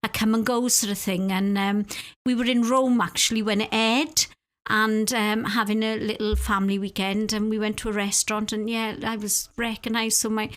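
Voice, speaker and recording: A woman's voice: medium pitch, little pitch movement, normal speed, fairly bright tone. A woman in her forties with a Welsh accent, a guest telling stories in a casual podcast chat. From Wales.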